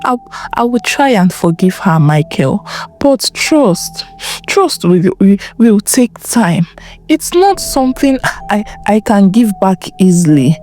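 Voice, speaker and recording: A woman's voice: mid-range voice, big pitch swings, slow pace, mellow, faint music behind. A woman voicing a distraught young woman, angry and grieving, whose pleading words break into whispers. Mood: tearful.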